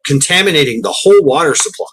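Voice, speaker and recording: A man's voice: a little high, animated, fast talker, a bit bright, breathy edge. A man hosting a casual livestream chat, rambling and swearing freely, often laughing as he talks. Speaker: livestream host.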